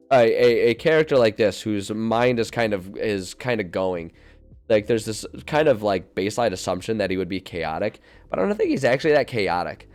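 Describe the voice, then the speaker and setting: A young man streaming, thinking aloud in a casual, rambling way with frequent laughs and filler words into a desk mic. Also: lowish voice. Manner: animated and rambling, laughs often, many fillers. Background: faint music.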